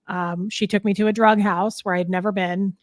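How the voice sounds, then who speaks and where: A woman's voice: mid-range voice, fairly even intonation, moderate pace, no room sound. Frank rambling woman in her thirties. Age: 30s. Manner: rambling and frank, many fillers and restarts. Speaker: podcast guest. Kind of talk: candid storytelling in casual chat.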